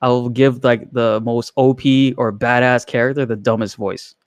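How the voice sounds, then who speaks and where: A man's voice: medium pitch, steady tone, moderate pace, no echo. A man in a casual gaming chat, telling loose stories and laughing often.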